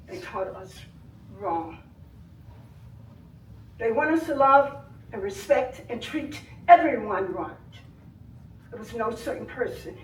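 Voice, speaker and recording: An older woman giving impassioned public comment at a board meeting, swinging between soft grief and loud anger. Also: fairly high pitch, a little hiss or hum. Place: village board meeting room. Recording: echoey room, voice from far off.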